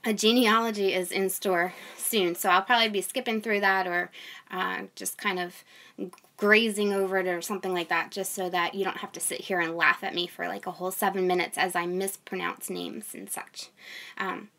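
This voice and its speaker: A woman's voice: medium pitch, steady tone, normal speed, pushed and bright. A young woman, a mother, reading scripture aloud and breaking off into casual, chatty commentary with fillers. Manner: reads steadily, then chats with fillers and light laughs. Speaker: Bible reader and host.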